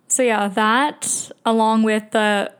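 A young woman hosting a podcast, telling a personal story in a chatty, halting way with many fillers and restarts. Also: on the high side, fairly even intonation, smooth. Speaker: podcast host. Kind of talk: casual storytelling.

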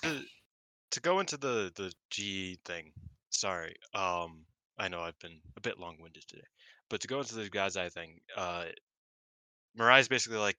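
An excitable man in casual podcast chat, swearing freely and acting out quotes in quick bursts. His voice sits low but sounds very bright and sharp. The recording is close and dry. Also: no room sound, low-quality recording. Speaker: podcast co-host. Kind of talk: casual wrestling review chat.

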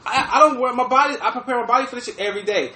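A man telling a story on a casual podcast, animated and profane, often laughing as he talks. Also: very high voice, racing, reverberant. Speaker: podcast host. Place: room with fireplace.

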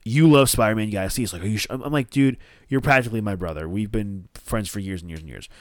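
A man's voice: fairly low pitch, fast talker, dry recording, clean studio sound. A man, co-hosting a podcast and telling a rambling, profane story full of restarts. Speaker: podcast co-host.

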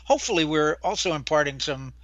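An older man co-hosting a casual chat, talking earnestly and telling stories in a measured way. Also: fairly high pitch, lively intonation, fairly bright tone, no echo, muffled recording. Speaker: co-host.

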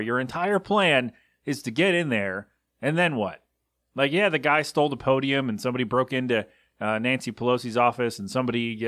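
A man's voice: medium pitch, a bit bright, dry recording. Guy hosting his podcast, rambly and sarcastic, kinda fed up, dry close mic. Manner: rambling, sarcastic, exasperated ranting. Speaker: podcast host. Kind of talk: casual solo podcast monologue.

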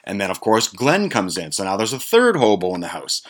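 A man's voice: fairly low pitch, wildly swooping pitch, fairly quick, a bit bright. Rambling, foul-mouthed man telling a story. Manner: rambling, profane, amused. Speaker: podcast host. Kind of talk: casual storytelling.

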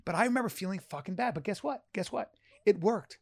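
A man, a stand-up comedian and podcaster, talking in casual chat with rambling, halting restarts and earnest swearing. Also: sits high, animated, gravelly, dry recording.

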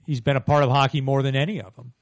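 A man's voice: medium pitch, fairly even intonation, racing, no room sound. A man who wrote a book, talking casually as a podcast guest, rambling with many restarts and fillers. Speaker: author guest. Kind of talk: casual interview talk. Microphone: podcast microphone.

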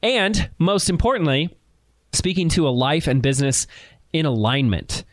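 A man's voice: fairly high pitch, normal speed. A man hosting a podcast who talks emphatically and repeats key phrases for effect. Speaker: podcast host. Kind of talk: enthusiastic podcast interview.

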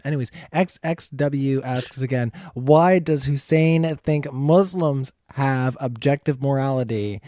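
A man moderating a debate, reading out audience questions in a relaxed, easygoing way. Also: medium pitch, no echo, studio quality. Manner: relaxed, laughs easily.

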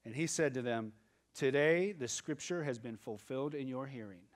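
A male pastor preaching a sermon, moving from quiet asides to loud emphatic passages and acting out quoted voices. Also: medium pitch, normal speed.

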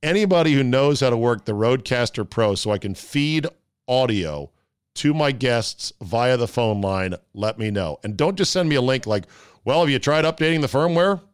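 A man hosting a sports talk podcast on a studio mic, telling stories in a casual, animated way. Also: mid-range voice, normal speed, clear, resonant tone, no echo. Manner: animated storyteller, fiddly with gear.

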